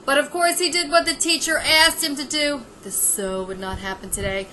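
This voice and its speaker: A woman vlogger delivers a sarcastic comedic rant. Her voice sits high and cuts through with a very bright, forceful edge. She sounds exasperated, and a faint hiss of noise runs behind her. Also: moderate pace, poor audio.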